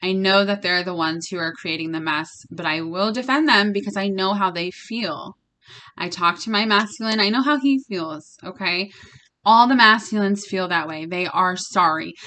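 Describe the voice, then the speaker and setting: A woman's voice: medium pitch, moderate pace, sharp tone. A young woman giving a casual spiritual card reading to her viewers. She talks bluntly and emphatically, swearing freely as she speaks straight to the listener. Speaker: tarot reader.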